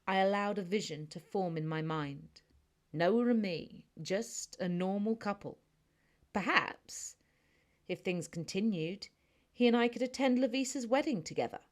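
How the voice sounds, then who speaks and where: A woman with a British accent narrating a first-person audiobook in a chatty, snarky, conversational manner. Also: lowish voice.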